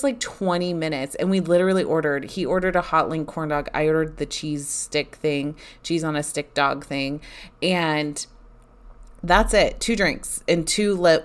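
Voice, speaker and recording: A woman vlogger telling a casual story in a chatty, candid way that often turns exasperated. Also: low-pitched. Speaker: vlogger recounting a theme park trip.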